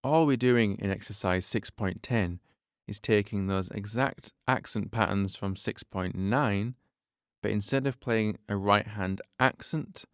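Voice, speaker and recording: A man's voice: lowish voice, clear, resonant tone, dry recording, studio quality. A man teaching a drum lesson on his podcast, explaining patiently step by step and counting beats aloud.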